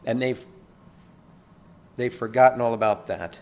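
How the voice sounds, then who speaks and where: A man's voice: mid-range voice, steady tone, unhurried, a little mellow, a little hiss or hum. A man preaching a sermon as a pastor, earnest and emphatic, often repeating a word as he builds a point. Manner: earnest preaching with rising emphasis, occasional chuckles and repeated words.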